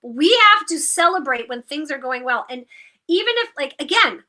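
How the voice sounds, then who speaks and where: A woman's voice: sits high, animated, moderate pace, pushed and bright. A woman co-host in a casual chat, upbeat, encouraging and effusive.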